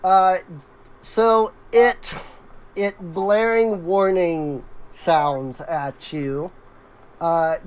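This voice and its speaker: A woman narrating a tabletop game as game master, halting with many fillers and restarts. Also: lowish voice, low-quality recording.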